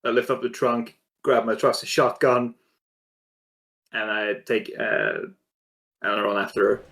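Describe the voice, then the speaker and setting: A man's voice: mid-range voice, fairly even intonation, measured pace, a bit bright. A man playing a character in a tabletop role-playing game, casual and joking. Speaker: player.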